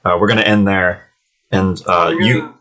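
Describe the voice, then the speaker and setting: A man running a tabletop game as game master, easygoing and chatty, often laughing and filling pauses with "uh" and "um". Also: low-pitched, steady tone, fairly bright tone, rough recording. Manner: easygoing, laughing, filler-heavy. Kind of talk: casual tabletop game narration.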